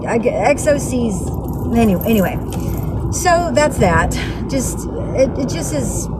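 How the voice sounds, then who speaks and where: A woman in her forties vents to her vlog audience in a high, bright voice. She talks bluntly and gets heated, then drops into weary sighs. Traffic noise and vehicle hum carry clearly behind her. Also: big pitch swings, a little slow. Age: 40s. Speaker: vlogger. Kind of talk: casual vlog storytelling.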